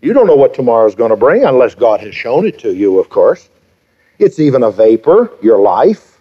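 A man's voice: medium pitch, very animated, fairly quick, husky. A pastor in his fifties preaching a sermon, emphatic, with rhetorical questions and repeated phrases. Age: 50s. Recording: dull lo-fi sermon recording.

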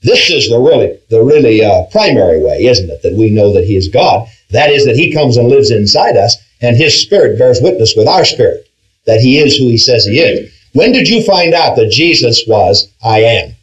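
A man's voice: mid-range voice, sing-song, normal speed, lo-fi sound. A man teaching an interactive Bible class, asking his group questions and stressing key words, with frequent restarts. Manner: questioning, emphatic, with frequent restarts and "all right".

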